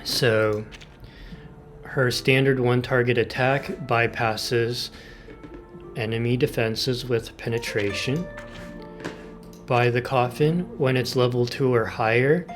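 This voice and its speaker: A man hosting a gaming video, explaining team setups in casual commentary and exclaiming with enthusiasm over game details. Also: medium pitch.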